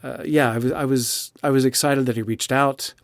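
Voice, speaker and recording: A man's voice: mid-range voice, fairly even intonation, moderate pace, dry recording. A man who narrates audiobooks, chatting expressively in an interview with frequent restarts. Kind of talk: casual interview chat.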